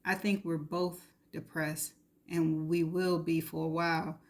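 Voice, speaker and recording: A woman voicing a gentle, caring husband in a spoken storybook reading, close to her own voice. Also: sits low, level tone, a little slow. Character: gentle worried husband, adult man.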